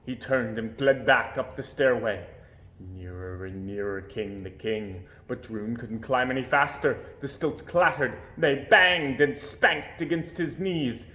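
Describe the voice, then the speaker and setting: A man reading a children's storybook aloud with expressive storytelling, at home. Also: mid-range voice, unhurried, roomy sound. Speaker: storybook reader. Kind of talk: children's book read-aloud. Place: home during quarantine.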